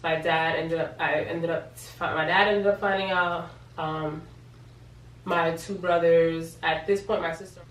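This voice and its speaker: A woman's voice: lowish voice, steady tone, measured pace. A young woman from New York tells a personal story in a casual vlog. She is emotional and repeats words for emphasis. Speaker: vlogger. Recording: echoey room, from a distance, faint hum.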